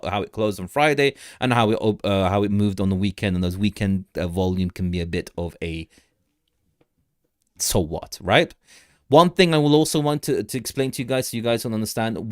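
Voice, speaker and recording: Chatty man, low dry voice. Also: dry recording. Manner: chatty, rambling, greets chat viewers, laughs often. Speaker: crypto livestream host. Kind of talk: casual livestream chart talk.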